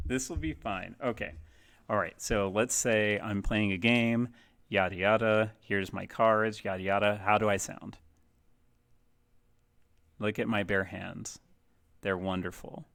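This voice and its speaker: A man's voice: lowish voice, fairly even intonation, unhurried, vocal fry, pauses often, a bit bright. A man chatting casually on a livestream, rambling and self-deprecating with lots of fillers, testing his webcam mic. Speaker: game cafe streamer. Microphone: webcam mic, testing placement.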